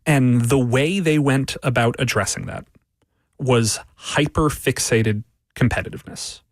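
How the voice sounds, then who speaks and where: A man on a sports radio show, talking through training camp with an analyst's steady reasoning. His voice is mid-pitched and the sound is close and dry, with no room around it. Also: unhurried, dry recording. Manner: analytical, builds arguments with repeated phrases. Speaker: sports writer and radio guest.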